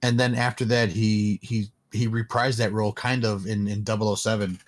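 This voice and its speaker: A man's voice: fairly low pitch, flat delivery, normal speed. A man co-hosting a casual podcast chat, rambling with many fillers and restarts. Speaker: podcast co-host.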